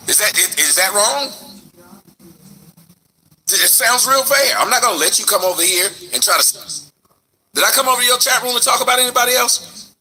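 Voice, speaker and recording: A man hosting his online show, answering a critic in an animated, rhetorical commentary rant. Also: very high voice, normal speed, long pauses, slight background noise. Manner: animated, rhetorical, mocking retorts.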